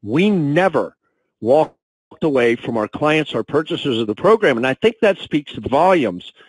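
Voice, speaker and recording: A man's voice: a little high, very animated, slightly rough, dry recording, poor audio. Dry-sounding man telling motivational stories. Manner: emotional, storytelling, slows down when moved. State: choked up. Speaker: national sales and training director. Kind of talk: motivational corporate talk. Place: conference call.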